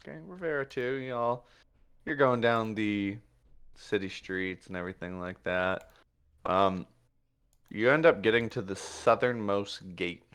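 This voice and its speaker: A man's voice: lowish voice, measured pace, fairly bright tone, clean tone. A man narrating as game master of a tabletop session in casual, filler-laden speech.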